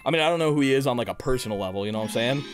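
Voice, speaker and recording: A young man streaming a video game live, chattering crudely, reading chat aloud and bursting into loud shouts. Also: medium pitch, expressive, racing, faint music behind. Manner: reads chat aloud and jokes with viewers.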